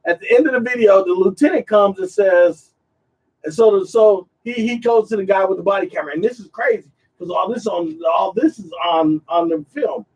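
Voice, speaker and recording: A man hosting a podcast, retelling a story in a casual, animated way, acting out the quotes and often repeating himself. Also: high voice, brisk, far from the mic, low-quality recording. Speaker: podcast host.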